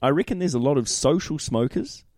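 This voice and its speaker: A man's voice: on the high side, animated, a little fast, a little mellow, dry recording, clean studio sound. A middle-aged man co-hosting a casual sports chat, laid-back and matey, often tossing questions back. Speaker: podcast co-host.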